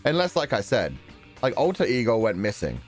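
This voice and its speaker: A male game streamer who talks casually and reacts out loud, swearing and laughing as he theorizes. His pitch moves a great deal, and his voice sits at a middle height. Faint game music plays behind him. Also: wildly swooping pitch, fairly quick. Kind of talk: let's-play commentary.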